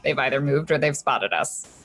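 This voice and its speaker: A woman's voice: rumbling low, moderate pace, a bit bright, a little hiss or hum. A woman playing in a tabletop game, describing her character's moves. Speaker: player.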